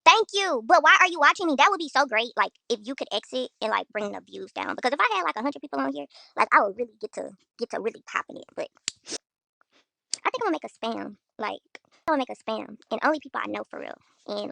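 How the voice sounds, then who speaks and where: A young Houston woman with a fairly high, creaky, bright voice rants bluntly and profanely to viewers on her own livestream. She talks quickly and animatedly, with a forceful tone, and the recording is dry.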